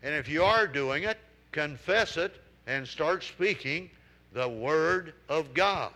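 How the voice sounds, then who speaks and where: A man's voice: fairly high pitch, lively intonation, slow pace, bright, forceful tone. A male preacher delivering a sermon to a congregation, exhorting with emphatic repetition. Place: room with congregation.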